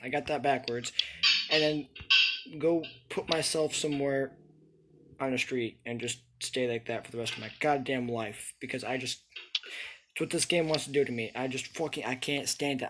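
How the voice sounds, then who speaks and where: A young man giving frustrated, swearing let's-play commentary from his room, ranting and exasperated. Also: mid-range voice. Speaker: gaming YouTuber.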